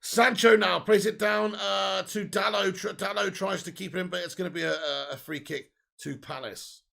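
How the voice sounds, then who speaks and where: A man hosting a live football watch-along, chatty and excitable, swearing freely and reading out viewer comments. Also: high-pitched, moderate pace, gravelly. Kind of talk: casual live match commentary.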